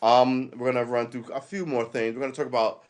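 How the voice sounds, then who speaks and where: A man's voice: mid-range voice, fairly even intonation, fairly quick. A man hosting a livestream, delivering a casual, rambling monologue in a blunt, profane way. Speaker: livestream host.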